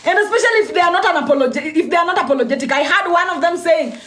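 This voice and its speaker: Woman speaker, high-pitched, fervent, laughs through her points, echoey room. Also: quick pace, fairly bright tone. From East Africa. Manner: emphatic, repeats lines, laughs often. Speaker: spiritual speaker. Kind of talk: impassioned spoken address. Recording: roomy echo.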